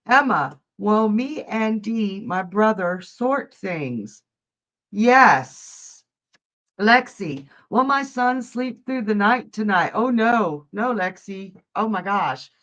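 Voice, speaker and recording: A woman's voice: mid-range voice, lively intonation, slow pace, fairly bright tone, highs cut off. Woman doing live tarot readings. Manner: chatty, laughs often, reads viewers' questions aloud. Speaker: psychic livestream host.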